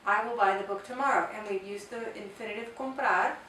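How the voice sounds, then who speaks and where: A woman's voice: mid-range voice, fairly quick, pushed and bright. Woman teaching in a roomy space. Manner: clear, patient, spells out examples. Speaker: Spanish teacher. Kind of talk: explanatory language lesson. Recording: roomy, distant mic, faint hiss.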